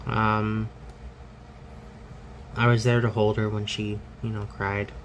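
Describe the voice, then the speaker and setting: A man's voice: fairly low pitch, flat delivery, takes it slowly, a little hiss or hum, rough recording. Candid, rambling man telling a story. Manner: rambling, candid, many fillers and restarts. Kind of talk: personal storytelling.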